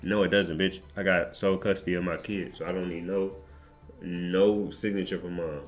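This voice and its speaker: A low-voiced man rambles through a profane, laughing story on his stream. His room is echoey and faint music runs underneath. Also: fairly even intonation, normal speed. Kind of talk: casual storytelling.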